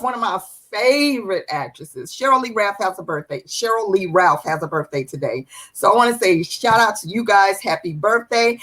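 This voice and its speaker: A woman hosting a live-stream show, lively and chatty, greeting viewers by name. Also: mid-range voice, unhurried. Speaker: livestream host.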